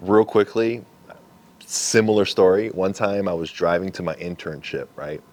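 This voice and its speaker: Deep-voiced young man hosting a podcast. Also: moderate pace, darkish tone. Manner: eager, encouraging, frequent short backchannels. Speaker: podcast host. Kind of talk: casual podcast conversation.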